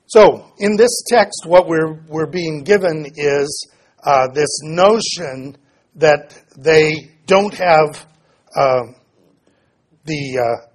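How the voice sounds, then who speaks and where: A man preaching an expository sermon, reading scripture aloud and then explaining it with pauses and fillers. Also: fairly high pitch. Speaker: pastor.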